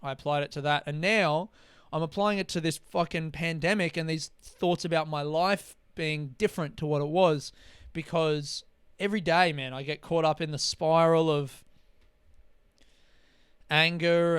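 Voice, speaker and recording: A man's voice: on the high side, fairly even intonation, moderate pace, a bit bright, clean tone, no room sound, studio quality. Rambling, sweary man podcasting. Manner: rambling, candid, swears freely, mimics voices for comic effect. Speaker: comedian and podcast host. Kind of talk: casual solo podcast monologue.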